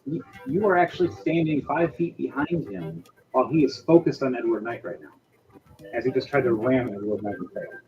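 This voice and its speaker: A man narrates a tabletop game as game master over a stream, talking casually and crudely with lots of fillers and restarts. His medium-pitched voice is animated and brisk. The audio sounds dull.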